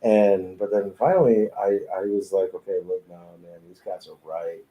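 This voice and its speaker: A man's voice: deep voice, moderate pace, muffled recording. A man who is a tattoo artist, telling his story in a casual, profane, laid-back way with frequent laughs, recorded in a tattoo studio.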